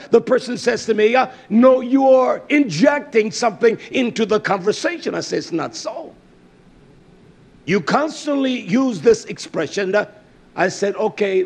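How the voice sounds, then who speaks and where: Male preacher, very high gravelly voice, slow insistent delivery with shouted emphasis. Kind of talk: sermon.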